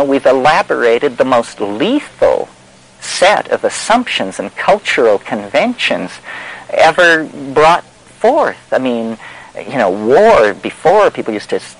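A man's voice: medium pitch, sing-song, unhurried, low-quality recording. A man giving a discursive spoken talk in a wry, meandering and emphatic way, full of fillers. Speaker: lecturer.

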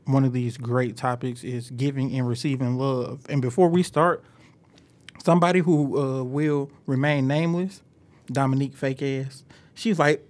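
A man hosting a podcast, chatting casually and telling animated stories with lots of laughter. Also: medium pitch, normal speed. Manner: animated storyteller, laughs a lot. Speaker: podcast host. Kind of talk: casual chat.

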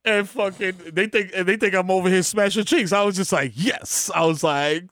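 A man's voice: sits high, fairly even intonation, fairly quick, a bit bright, no room sound, studio quality. A man, co-hosting a podcast in casual chat and joking in crude street slang.

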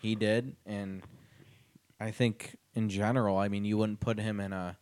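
Lowish man musing in casual chat. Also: little pitch movement, moderate pace, darkish tone, no room sound. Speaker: podcast co-host.

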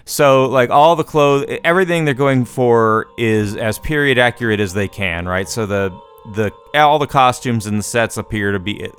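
A man co-hosting a podcast, chatting casually about movies and telling the story with emphatic, animated delivery. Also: medium pitch, normal speed, hardly any pauses, soft background music. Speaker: podcast co-host. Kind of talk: casual movie review chat.

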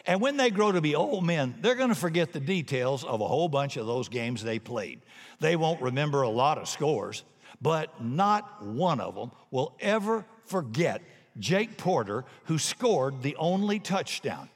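A man preaching a sermon, telling a story and swinging between hushed moments and shouts. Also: a little high, very animated, measured pace. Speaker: pastor. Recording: long reverb of a large hall.

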